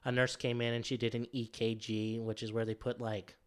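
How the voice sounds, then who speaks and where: A man's voice: mid-range voice, level tone, fairly quick, clear, resonant tone. A man telling a story in a casual chat, rambling with many fillers and acting out what others said. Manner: rambling, filler-heavy, acts out quotes.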